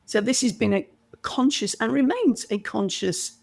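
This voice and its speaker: Slightly high and gravelly, the voice belongs to a middle-aged British communication coach speaking at a moderate pace in a podcast interview. She tells stories with animation, acting out quoted voices.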